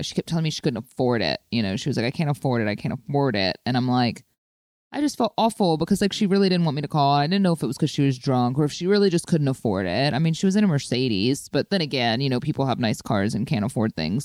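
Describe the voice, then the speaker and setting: A woman telling a story in casual chat, chatty and animated, with lots of "like" fillers. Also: rumbling low, dry recording, studio quality.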